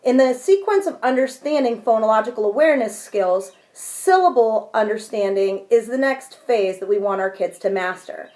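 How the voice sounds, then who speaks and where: A woman explaining a lesson clearly and patiently, giving spoken examples. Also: on the high side, lively intonation, moderate pace, few pauses, a little mellow. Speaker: teacher. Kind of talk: instructional video lesson.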